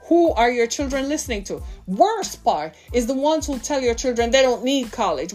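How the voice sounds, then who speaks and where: A woman's voice: on the high side, animated, normal speed, few pauses, darkish tone, faint music behind. Impassioned woman preacher in her fifties. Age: 50s. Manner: impassioned, full of rhetorical questions to listeners. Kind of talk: sermon.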